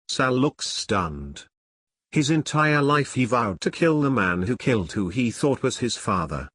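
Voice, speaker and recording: A man narrating a crude comic story in a wry, deadpan way. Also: mid-range voice, measured pace, slightly rough, no echo.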